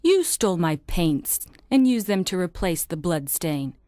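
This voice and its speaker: A woman's voice: fairly low pitch, very animated, a little slow, dark tone, dry recording, studio quality. An actress playing a blunt, kind-hearted young American girl who scolds frankly. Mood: scolding. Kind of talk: scripted audiobook drama.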